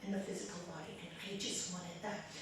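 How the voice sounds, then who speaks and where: A woman raja yoga teacher giving a spiritual talk to a small group, chatty and lively, often laughing as she tells stories. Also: fairly low pitch, fast talker, slight background noise. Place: meditation group room. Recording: echoey room, voice picked up from a distance.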